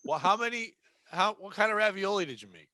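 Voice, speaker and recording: A man hosting a comedy podcast, teasing his guests with loud, profane banter. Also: high voice, lively intonation, fast, dry recording. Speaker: podcast host.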